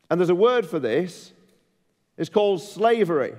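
A man preaching a sermon in a church, emphatic, asking the congregation direct questions and building to forceful peaks. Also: high voice, expressive, moderate pace, big-room sound.

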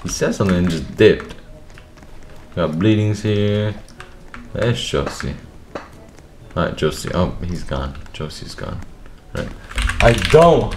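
A young man giving rowdy, profane commentary over his own gameplay, excitable and quick to burst into shouting. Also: low voice, a little hiss or hum. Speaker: gaming video creator. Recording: echoey room with keyboard clatter. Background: keyboard clicks and typing.

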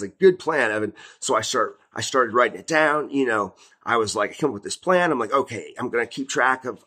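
Husky man in his thirties telling a story. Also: medium pitch, fairly bright tone. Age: 30s. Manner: rambling, repeats fillers like "like" and "you know". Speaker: Christian video host. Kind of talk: casual spoken testimony.

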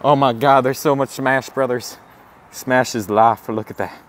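A man doing a comedic walking vlog outdoors, gasping and swearing in awestruck excitement. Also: mid-range voice, a little slow. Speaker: comedic vlogger in character. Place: outdoors, walking around a campus. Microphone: handheld camera.

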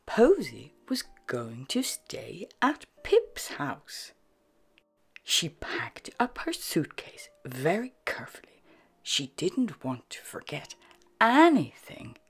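Breathy, whispery woman storyteller. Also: sits low, huge pitch swings, takes it slowly, faint music behind. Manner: soft, half-whispered, sing-song reading. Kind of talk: children's bedtime story read-aloud.

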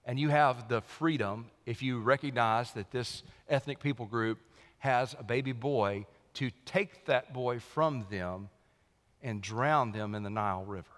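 In a church sanctuary, a male senior pastor preaches from the pulpit in a middle-pitched voice at an unhurried pace. His loudness swings widely, rising on key lines and sinking to a quiet hush for emphasis, while a long reverb tail fills the hall.

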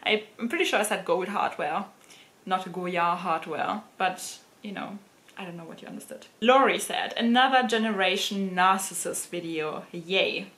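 A woman's voice: lowish voice, normal speed, fairly bright tone. A woman with a German accent chatting casually to camera as a fashion vlogger, laughing often. German is her first language. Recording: roomy echoey room.

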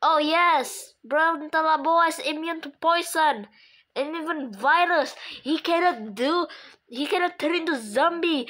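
A high-pitched woman chatting through a game at an unhurried pace. Her voice is bright and sharp. She is playful and excitable, tossing in her own sound effects. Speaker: gameplay commentator. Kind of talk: casual game commentary.

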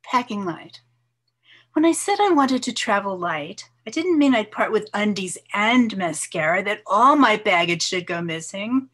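Older woman reading poetry, measured. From New York, USA. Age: 70s. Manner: measured, expressive reading, soft voice dropping low on some lines. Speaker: poet. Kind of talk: poetry reading with casual asides.

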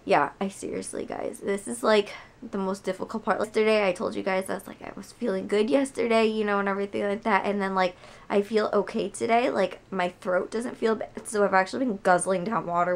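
A young woman vlogging casually at home, hoarse from a cold and chatting with lots of fillers. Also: mid-range voice, fairly even intonation, brisk. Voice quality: gravelly. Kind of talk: casual chat to camera.

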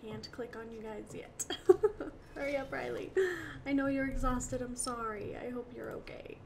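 A woman's voice: on the high side, steady tone, measured pace, creaky, slight background noise. A young woman commenting on her game as she plays, emotional and laughing often, talking to her characters. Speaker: gaming channel host. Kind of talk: let's-play commentary.

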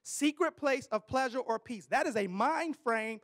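A man preaching a sermon to a live audience, using call-and-response and building up to loud declarations. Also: very high-pitched, animated, normal speed. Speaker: preacher and ministry leader.

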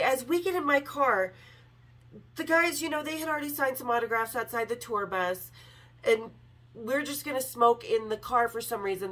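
A woman hosting a podcast, candidly telling a story with swearing and animated quoted lines. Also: a little high, poor audio. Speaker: podcast host. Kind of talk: casual storytelling.

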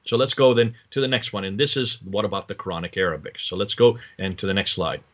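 A man's voice: lowish voice, fast. Man lecturing from slides, lo-fi sound. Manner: explanatory, rhetorical questions, many restarts.

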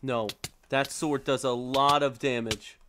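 Slow-talking man streaming a game. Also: mid-range voice, steady tone, noisy background. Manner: talks to opponents, frustrated outbursts. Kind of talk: live gaming commentary.

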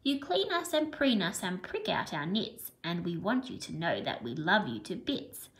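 A woman's voice: fairly low pitch, sing-song, moderate pace, fairly bright tone. A woman reading aloud as a group of baby animals who tell their parents they love them. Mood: loving.

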